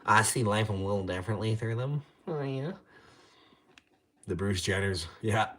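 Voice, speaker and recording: A man's voice: on the low side, moderate pace, a bit bright. A young Canadian man hosting a casual livestream from his garage, rambling and swearing as he reads chat. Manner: rambling, profane, trash-talking. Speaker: livestream host. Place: home garage.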